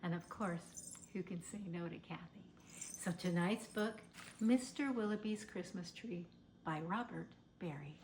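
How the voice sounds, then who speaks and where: A woman reading a rhyming picture book aloud to children, speaking in an animated storytime delivery while in a holiday character persona. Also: on the low side, unhurried, slight background noise.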